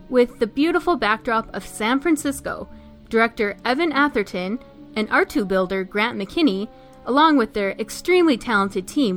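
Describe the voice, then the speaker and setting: A woman hosts a podcast with upbeat, enthusiastic scripted narration. Her voice sits fairly high, with faint music playing behind. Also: fairly bright tone. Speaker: podcast host.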